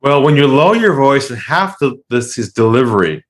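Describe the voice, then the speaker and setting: A man tells a sales story in an interview. He acts out the people on the phone call and drops his voice low and slow to make his point. He has a mid-pitched voice. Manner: animated, acts out calls in excited voices. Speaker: sales trainer guest.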